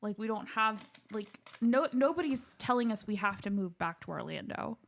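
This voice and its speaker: A woman co-hosting a podcast in casual chat, chatty and animated, laughing often. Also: medium pitch, normal speed, gravelly. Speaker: podcast co-host.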